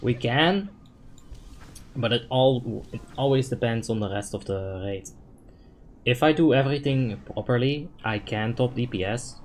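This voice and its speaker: A man talks through a game on a live stream, answering questions in a loose, conversational way. His voice sits at an ordinary middle pitch, and he swears casually when things go wrong. Faint keyboard clatter can be heard behind him. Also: measured pace, slight background noise. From Netherlands. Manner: relaxed, chatty, thinks out loud, swears when frustrated. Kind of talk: live gameplay commentary answering chat.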